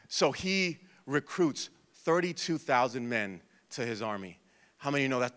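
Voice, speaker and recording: Man preaching, high bright voice, passionate, long church reverb. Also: moderate pace, clean tone. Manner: passionate, swings from loud urgent preaching to quiet storytelling. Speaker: pastor. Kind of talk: sermon. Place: church hall.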